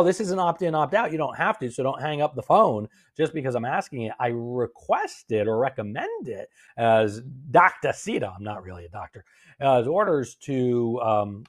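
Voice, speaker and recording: On a phone live stream, a man with a mid-range voice leads a gratitude session, gently coaching viewers and responding to their comments.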